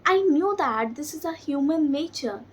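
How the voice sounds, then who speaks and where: A woman with an Indian English accent teaching spoken English and soft skills, talking slowly and carefully and stretching her intonation to demonstrate it. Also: sits high, animated, a little hiss or hum, poor audio. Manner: slow, deliberate delivery with demonstrative intonation. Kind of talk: instructional talk to camera.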